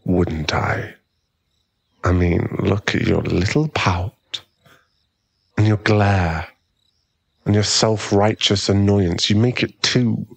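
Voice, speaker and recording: Man doing a smug teasing bully, whispered role-play, gravelly and husky, slow drawl, dry close sound. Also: sits low, dry recording, exaggerated voice. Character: cocky teasing male bully, young adult. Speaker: ASMR roleplay performer.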